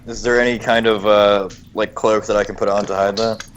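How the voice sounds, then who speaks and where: A man's voice: lowish voice, little pitch movement, fairly quick, a little hiss or hum. A man playing in a tabletop game, asking curious questions. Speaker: player.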